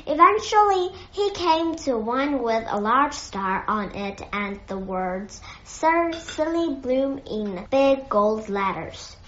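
A woman reads a children's story aloud in a gentle, measured way. Her voice is somewhat high and very unhurried. The recording has an echoey room and a dull, muffled tone. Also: lively intonation. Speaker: narrator. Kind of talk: reading a children's novel aloud.

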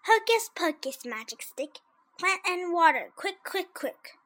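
A woman's voice: very high-pitched, big pitch swings, a little slow, a bit bright, voice pushed up, heavily acted. A woman doing a sly, lazy spider trickster. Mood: chanting. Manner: chanting spells.

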